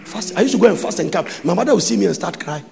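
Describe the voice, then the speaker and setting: A man with a Ghanaian accent preaching a sermon as pastor, breaking into sudden shouts and sung phrases. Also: high-pitched, expressive, racing, vocal fry. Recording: long hall reverb.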